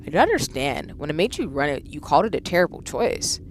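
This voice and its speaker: A woman's voice: low voice, big pitch swings, fast talker, slight background noise. Woman reading a meddling disembodied voice. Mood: coaxing. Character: mysterious disembodied guiding voice, calm and meddling. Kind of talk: reading game dialogue aloud.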